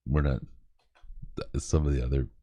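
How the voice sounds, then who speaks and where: A man's voice: very deep voice, flat delivery, normal speed, mellow, no room sound. A man hosting a late-night charity podcast, reading out live comments, joking and laughing often, tired. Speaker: podcast host.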